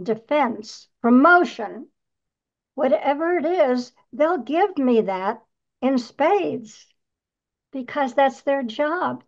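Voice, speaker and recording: In her nineties, a woman hosts a podcast, giving an earnest, upbeat motivational talk and posing rhetorical questions to the listener. Her voice is fairly high, and the audio sounds dull.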